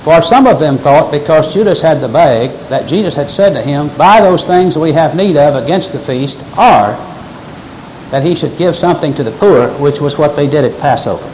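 Emphatic male preacher, slightly high voice. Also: lively intonation, normal speed, darkish tone, slight background noise, poor audio. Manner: emphatic, explanatory preaching with quoted scripture. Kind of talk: sermon.

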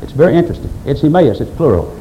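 Preacher with a lively, emphatic voice. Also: male voice, on the high side, rapid-fire, lo-fi sound, slight background noise. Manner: emphatic preaching, quoting scripture, rising and falling delivery. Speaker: pastor. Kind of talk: sermon.

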